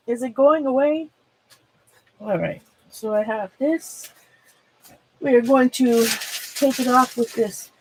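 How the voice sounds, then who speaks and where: Casual livestream chatter comes from a woman with a Minnesota accent as she demonstrates a craft for her art stream's viewers. Her voice sits a little high, and the recording is low quality with slight hiss or hum. She rambles on, drops thoughts halfway, and laughs frequently.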